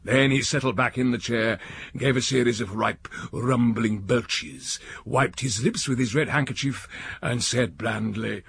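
A man narrating a story in an audiobook reading, slow and richly expressive. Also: mid-range voice, vocal fry, breathy edge, no room sound.

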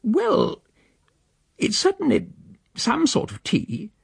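A man voicing a stern, pale, skinny woman who scolds a gravedigger in a shrill, indignant tone while reading a story aloud. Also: huge pitch swings, slow pace, creaky, breathy edge, full character voice. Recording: dry close recording.

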